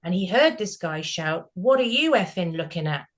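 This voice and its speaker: A middle-aged woman with a British accent, hosting a group discussion and telling stories in a casual, animated way, acting out the voices of people in them. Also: fairly low pitch, normal speed. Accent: British English. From Britain. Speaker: group session host.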